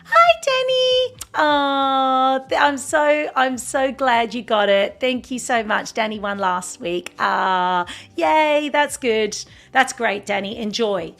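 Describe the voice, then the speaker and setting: Creaky-voiced woman hosting a livestream. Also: on the high side, fairly even intonation, slow, few pauses, a bit bright. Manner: rambling, chatty, full of fillers and restarts. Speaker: livestream host. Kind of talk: casual livestream chat.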